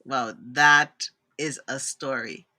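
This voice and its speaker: Bright, animated woman show host. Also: very deep voice, slow pace. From Trinidad. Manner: animated, expressive, talks through tangents. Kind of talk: live interview show.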